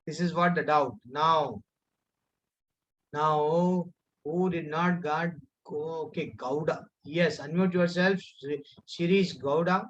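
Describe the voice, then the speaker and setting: A man's voice: high-pitched, a little slow. Indian man teaching over a video call. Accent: Indian English. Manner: many fillers and restarts, calls on pupils by name. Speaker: teacher of a children's scripture class. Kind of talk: online class teaching and storytelling. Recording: muffled online call audio.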